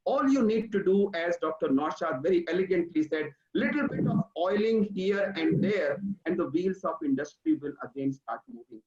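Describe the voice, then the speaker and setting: A man, a doctor giving measured panel remarks point by point over a video call. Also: high voice, animated, a little mellow. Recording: roomy, distant, muffled video-call audio.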